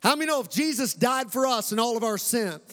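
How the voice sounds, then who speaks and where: A very high-pitched man with a Kentucky accent preaches to his congregation, stretching key phrases and calling out for responses. His voice carries a long reverb, like it is filling a large church hall. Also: animated, pushed and bright. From Western Kentucky. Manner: preacher's cadence, slowing for emphasis, calling on the congregation. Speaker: pastor. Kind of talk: sermon.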